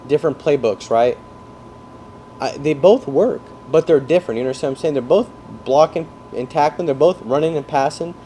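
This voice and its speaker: A man coaching salespeople in an energetic talk, explaining through football comparisons and often checking that his listeners follow. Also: on the high side, a little hiss or hum. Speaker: sales trainer.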